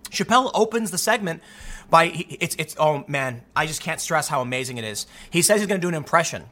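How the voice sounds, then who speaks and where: A man giving opinionated solo commentary in an emphatic, animated way, often repeating words as he gets going. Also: fairly high pitch, fairly quick. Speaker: political commentator.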